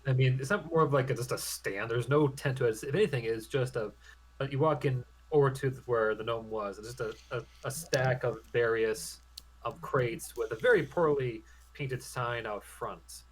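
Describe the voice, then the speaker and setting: A man's voice: mid-range voice, moderate pace, slightly rough, rough recording. Hesitant man running a tabletop game. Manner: hesitant, many ums and restarts. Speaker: game master.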